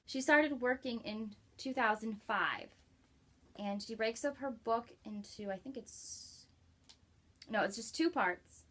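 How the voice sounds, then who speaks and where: A woman chatting casually in a book review vlog, warm and enthusiastic, with many likes and ums. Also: a little high, takes it slowly.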